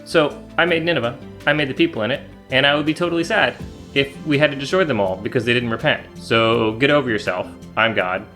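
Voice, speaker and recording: A man's voice: mid-range voice, quick pace, bright, forceful tone, soft background music, close to an everyday voice. Brief: laid-back God, blunt and matter-of-fact, everyday mid voice, put on by a man. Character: casual, blunt God speaking to a prophet.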